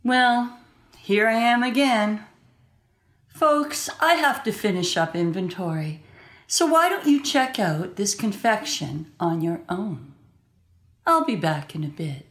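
A woman hosts a comedy show in a chatty, scripted monologue. Her pitch swings widely as she talks at an unhurried pace. The room around her is echoey. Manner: chatty, animated.

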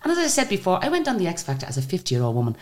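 This older woman, a guest singer on the radio, talks very fast in a voice on the low side. She spins chatty anecdotes, animatedly playing out the conversations in them.

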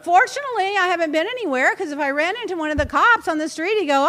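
Woman, podcast storyteller, high voice, lively pitch, exasperated. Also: quick pace. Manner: animated, exasperated, talks over others. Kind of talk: casual storytelling.

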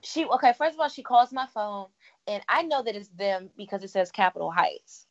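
A woman's voice: medium pitch, expressive, moderate pace. A woman chatting with friends on a podcast, telling her story with energy and slipping into the voices of the people she quotes. The audio is a little dull. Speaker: podcast co-host. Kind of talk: casual chat.

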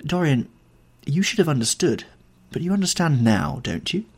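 A man reading the part of a rapturous young actress in a lyrical, lifted voice, with a husky tone. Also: fairly high pitch, lively intonation, moderate pace, pitched above the performer's own voice, heavily acted.

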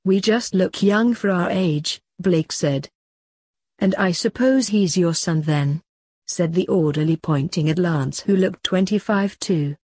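Woman narrator, low-ish husky voice, dry close sound. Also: measured pace, dark tone, no echo. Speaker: podcast host and author reading her story. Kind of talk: storytelling narration.

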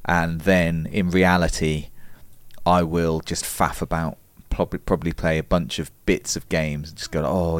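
A British man co-hosting a casual podcast, animated and quick to laugh. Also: low voice, smooth, no echo. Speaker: podcast co-host.

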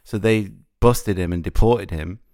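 Deep voiced guy cracking blunt jokes, dry close mic, casual chat. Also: measured pace, a little mellow, no echo. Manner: blunt, jokey, swears freely.

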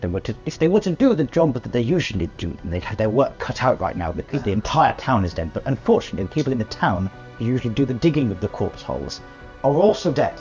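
A man running a tabletop game, describing scenes with a lively, wide-ranging voice. He hesitates often, filling gaps with ums and uhs. Soft music sits far under him. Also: medium pitch, fast talker. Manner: hesitant, with many fillers. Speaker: game master.

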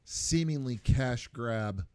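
A man's voice: medium pitch, animated, takes it slowly, darkish tone, clear, resonant tone, no echo. A man co-hosting a casual podcast, groaning at a friend's story and then making an earnest case for his own view. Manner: reacts with groans and short exclamations, then argues a point earnestly. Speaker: podcast co-host. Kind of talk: casual chat.

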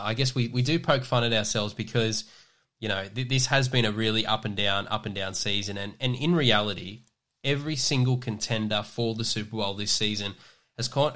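A man's voice: fairly low pitch, fairly bright tone. An Australian man hosting a casual sports podcast, loose and chatty, leaning on fillers while he steers the talk. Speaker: podcast host.

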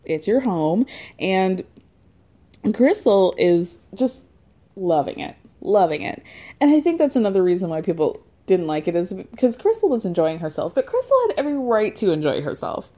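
A woman hosting a podcast who recaps events in a gossipy, animated way and laughs often. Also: mid-range voice, moderate pace. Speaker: podcast host. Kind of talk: casual recap monologue.

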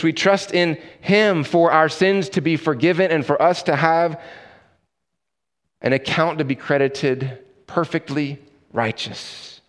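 A man's voice: a little high, big-room sound. A man preaching a sermon as a pastor, shifting into storytelling and acting out the people in his stories.

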